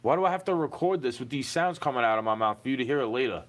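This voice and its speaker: A man's voice: medium pitch, lively intonation, racing. A man in a recorded monologue, ranting with profanity and firing off rhetorical questions.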